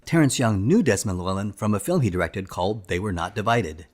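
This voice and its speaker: Man, low pitch, scripted narration, film documentary, enthusiastic steady delivery. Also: fairly quick.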